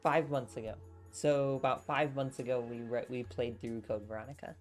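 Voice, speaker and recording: Young woman streamer, low voice, rambling chatty reads, faint music behind. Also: fairly even intonation, moderate pace, darkish tone. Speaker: streamer reading a novel aloud. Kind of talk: casual live stream chat and book reading.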